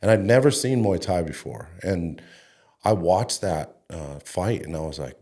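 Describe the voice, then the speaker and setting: A man's voice: low voice, animated, unhurried, darkish tone. A middle-aged man from Denver, a head coach being interviewed, telling stories loosely and chattily with fillers and a bit of swearing. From Denver, Colorado, USA. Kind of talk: casual interview storytelling.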